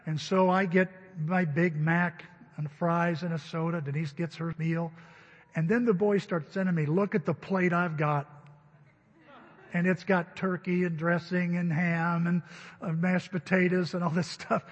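A man's voice: high-pitched, little pitch movement, normal speed, long reverb tail, muffled recording. A middle-aged man preaching a sermon in a church, telling stories in a conversational way. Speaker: pastor. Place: church sanctuary.

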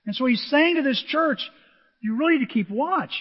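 A middle-aged man preaching a sermon as pastor, animated, swinging between shouting and near-whispers, with a husky voice. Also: very high-pitched, a little fast. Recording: dull, hall reverb.

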